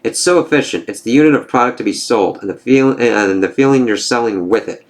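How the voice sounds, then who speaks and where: A man's voice: medium pitch, a little fast, natural voice. A man reading the lines of a smug, gloating male corporate villain from a comic, taunting as he speaks.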